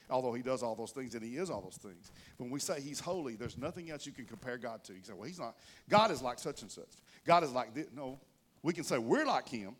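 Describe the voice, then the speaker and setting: Animated preacher man telling stories. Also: mid-range voice, slight background noise. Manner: folksy storytelling, addresses the congregation directly; animated, rises and drops in loudness for emphasis. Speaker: pastor. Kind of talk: conversational sermon.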